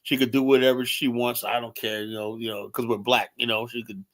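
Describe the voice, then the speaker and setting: A man's voice: medium pitch, a little fast. Ranting man telling a story. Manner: animated storytelling, acts out quoted lines. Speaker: podcast host. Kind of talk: casual ranting commentary.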